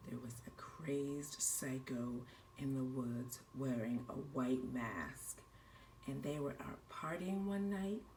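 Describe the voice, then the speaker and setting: A woman's voice: slow pace, reverberant, distant mic, a little hiss or hum, exaggerated voice. Woman doing a whispering campfire storyteller. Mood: hushed spooky. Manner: hushed, low, drawn out. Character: spooky storyteller girl whispering a campfire tale.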